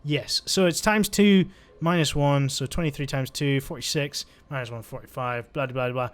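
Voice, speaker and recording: A let's-play gamer with a mid-range voice talks at a moderate pace while playing. His casual commentary is chatty and jokey, with plenty of thinking aloud.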